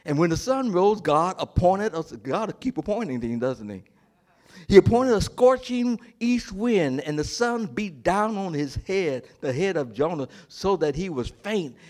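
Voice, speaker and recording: This pastor's voice runs on the high side, at normal speed with hardly any pauses. His sermon is animated, full of questions tossed to the congregation for a response, and he performs the prophet and God in dramatic voices.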